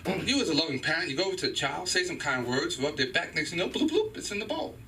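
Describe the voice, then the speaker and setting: A middle-aged man doing a stand-up set in a small comedy club, animated and profane as he acts out loud voices. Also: fairly high pitch, fast talker, far from the mic, slight background noise, poor audio. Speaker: stand-up comedian at an open mic.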